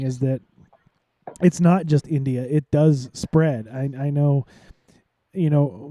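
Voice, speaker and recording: Tired male podcast co-host, very dark mellow tone, dry close sound, rambling with restarts. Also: a little high, no room sound. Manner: rambling, many restarts and fillers. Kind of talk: live podcast commentary.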